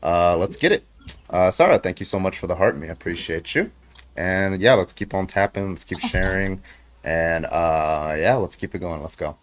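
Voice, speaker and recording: A man with a very low voice hosts a casual livestream, chatting loosely with his panel. He keeps calling on viewers with plenty of filler words and the odd swear. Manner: loose and profane, drawn-out calls to viewers with filler "uh"s. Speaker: livestream debate host.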